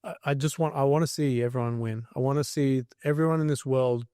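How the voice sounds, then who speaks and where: A man's voice: mid-range voice, fairly even intonation, a little fast, dark tone, clean tone, no room sound, clean studio sound. An Australian man co-hosting a podcast, chatting in an upbeat, enthusiastic way. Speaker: podcast co-host. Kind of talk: casual chat.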